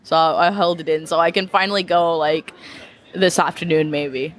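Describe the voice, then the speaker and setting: Young woman, podcast guest, casual chat, chatty, many filler words, quick to laugh. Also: low voice, steady tone. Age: young adult. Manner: chatty, leans heavily on "like" fillers, laughs easily.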